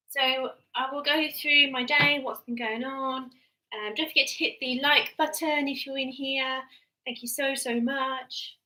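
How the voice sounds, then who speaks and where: A woman live-streaming from home, chatting in a rambling way and slipping into a soft mum voice while tidying toys. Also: high-pitched, low-quality recording. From United Kingdom. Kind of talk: casual live-stream chat. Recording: loud clatter of toys and dishes.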